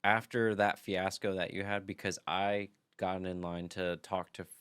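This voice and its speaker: A man's voice: low voice, flat delivery, moderate pace, fairly bright tone, slight background noise. A man co-hosting a podcast, reacting supportively and adding his own remarks in casual chat. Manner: supportive listener, short reactions. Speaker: podcast co-host.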